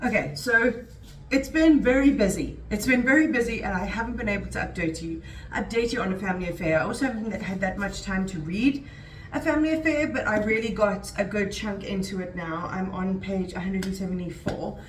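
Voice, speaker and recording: A woman's voice: medium pitch, a little fast, distant mic, a little hiss or hum. Woman book vlogger, casual and chatty with a rambling delivery, recorded off-mic in a roomy space. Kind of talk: casual vlog chat.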